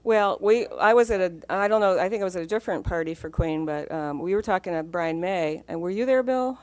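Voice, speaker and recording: Brief: woman panelist, animated storyteller who acts out quotes, dry close mic. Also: lowish voice, fairly quick, no echo. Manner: lively storyteller, laughs often, acts out quotes. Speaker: former magazine editor on a panel. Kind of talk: animated anecdote telling. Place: library event hall.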